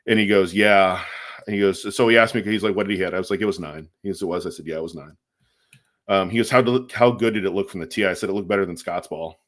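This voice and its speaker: This casual storytelling comes from a podcast co-host whose voice is very deep. His long, chatty anecdote is animated, with quotes acted out and many ums and likes filling the gaps.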